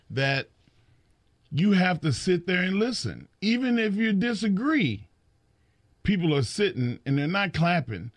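A man's voice: fairly high pitch, no echo, studio quality. A man in casual podcast chat, telling stories emphatically and often repeating words as he builds a point.

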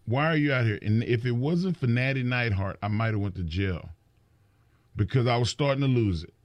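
A man's voice: medium pitch, animated, moderate pace, no room sound, dull audio. A man in casual podcast chat, telling stories emphatically and often repeating words as he builds a point.

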